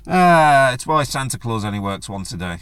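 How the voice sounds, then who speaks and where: Blunt, crude podcast host. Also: male voice, medium pitch, clean tone, no echo. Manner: blunt, crude jokey banter with swearing. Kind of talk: casual solo podcast rant.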